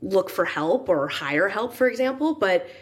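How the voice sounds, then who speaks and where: A woman's voice: medium pitch, expressive, normal speed. A woman interviewing a guest in a conversational way, enthusiastic and affirming.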